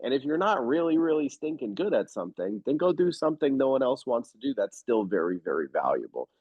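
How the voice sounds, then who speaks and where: Speaking briskly with a breathy edge and medium pitch, a man guests on a casual interview as a real estate investor. He's an animated storyteller, blunt and emphatic, and the recording is slightly dull and dry, without echo.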